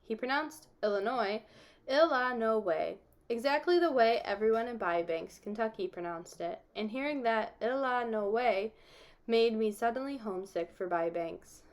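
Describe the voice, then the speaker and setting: A woman reading a novel aloud, telling the story steadily and giving the characters gentle voices. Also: fairly high pitch, normal speed. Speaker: audiobook reader.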